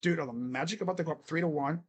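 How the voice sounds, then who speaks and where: A streamer giving live play-by-play reaction to a basketball game, reading out stats and getting excitable, repeating catchphrases and laughing. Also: mid-range voice, very fast. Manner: reads out box score stats.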